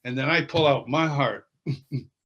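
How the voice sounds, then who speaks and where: A man's voice: mid-range voice, measured pace, lo-fi sound. A man telling a story as an interview guest, acting out the people in it and laughing as he goes. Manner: expressive, acts out the people in his story. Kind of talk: animated storytelling.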